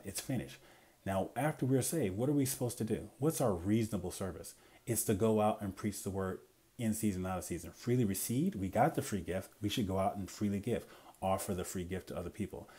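A man's voice: deep voice, mellow, slightly rough. A man giving informal Bible teaching, reading verses aloud and asking rhetorical questions as he grows emphatic.

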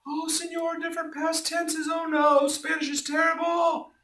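A man putting on the voice of a whiny, complaining teenage language student in a high falsetto, with melodramatic protests. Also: monotone, moderate pace, pushed and bright, heavily acted. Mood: whining. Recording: echoey room, voice from a distance.

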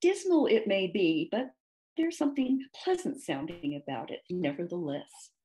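A woman's voice: lowish voice, very animated, moderate pace, dark tone. A woman voicing a polite male animal companion who speaks plainly. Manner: polite, growly when hungry.

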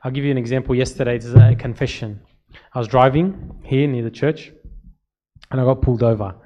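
A man's voice: mid-range voice, fairly even intonation, brisk, dark tone, highs cut off. A man who is a priest, giving an informal talk to church servants, telling stories. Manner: conversational storytelling, repeats words when emphasizing.

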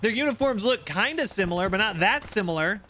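A man commentating recorded shooter gameplay, excitable and quick to react, with wry asides. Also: high-pitched, a little hiss or hum. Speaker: gaming channel host.

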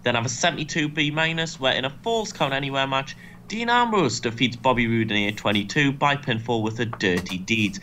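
A man's voice: mid-range voice, expressive, fairly quick, bright, forceful tone, a little hiss or hum. Young man recapping a wrestling sim. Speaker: co-host and booker. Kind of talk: casual game commentary.

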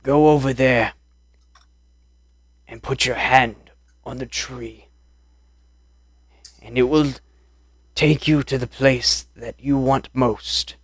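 Man putting on a slow, coaxing old hag. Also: medium pitch, fairly even intonation, husky, dry recording, studio quality. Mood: cryptic. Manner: slow, coaxing, calls people dearie and sonny. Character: old hag woman, cryptic and secretive.

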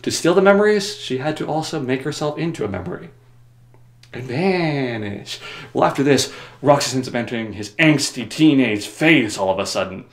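A man's voice: medium pitch, animated, fast talker, reverberant. A man summarizing a video game story for comedy, rambling with joking, sarcastic asides. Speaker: video host.

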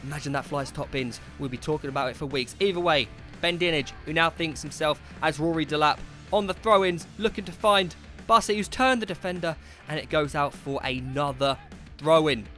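Excitable young man commentating football. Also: on the high side, fairly quick, faint music behind. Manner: chatty and excitable, shouts at big moments. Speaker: commentator of his team's amateur football match.

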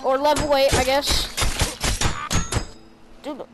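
A woman giving casual commentary while playing a VR sword game, excitable and prone to sudden yelps. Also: high voice, takes it slowly. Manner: excitable, bursts of yelps and exclamations. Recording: game music playing behind the voice. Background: game music.

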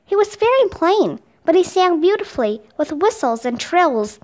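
A woman reads a children's chapter book aloud in clear, expressive narration. Her voice is very high. It moves a lot as she tells the story. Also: moderate pace. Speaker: storybook reader.

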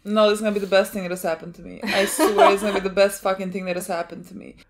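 A young woman hosting an anime reaction, chatting casually, excitable and swearing a lot. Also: medium pitch, rapid-fire, background noise. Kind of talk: casual chat.

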